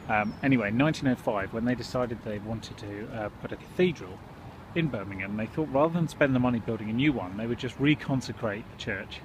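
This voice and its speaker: A man's voice: on the low side, noisy background. A young man casually vlogging as he walks, chatty and self-mocking, filmed on a handheld camera. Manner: chatty, self-mocking, walking while filming. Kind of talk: casual vlog commentary. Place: indoors and city streets.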